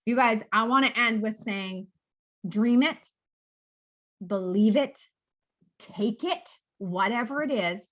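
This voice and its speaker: Woman, high-ish voice, gushing motivational speaker, lo-fi dull recording. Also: takes it slowly, long pauses. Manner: bubbly, gushing, repeats phrases for emphasis. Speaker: sales director giving a motivational talk. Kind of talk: motivational pep talk.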